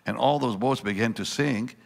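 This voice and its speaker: A man preaching a sermon, swinging between loud bursts and hushed lines and acting out the voices in his story. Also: mid-range voice, moderate pace, gravelly. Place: large church hall. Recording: long church reverb.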